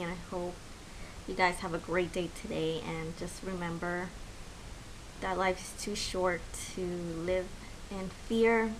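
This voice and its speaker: A woman's voice: lowish voice, fairly bright tone, a little hiss or hum, low-quality recording. A young woman chatting to camera as a beauty vlogger, heartfelt and encouraging, with lots of fillers. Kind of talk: casual chat to camera.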